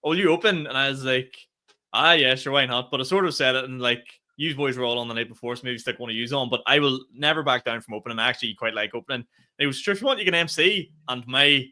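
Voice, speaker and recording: A young man talks quickly, and his voice has a bright, forceful edge. He tells his comedy stories with animated energy and laughs often as he co-hosts a casual podcast. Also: mid-range voice. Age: young adult. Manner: fast, animated storytelling with laughter. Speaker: podcast co-host and stand-up comedian. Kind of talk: casual chat.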